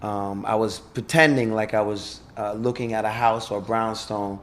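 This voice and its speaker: Low-voiced New York man telling a story. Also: fairly even intonation, a little hiss or hum. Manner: halting, with fillers and restarts, profane. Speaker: guest, former police officer. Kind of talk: conversational storytelling.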